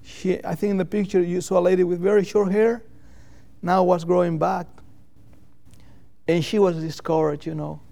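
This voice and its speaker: A man preaching a sermon in an earnest, halting way, repeating phrases for emphasis. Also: high-pitched, little pitch movement, gravelly, dark tone.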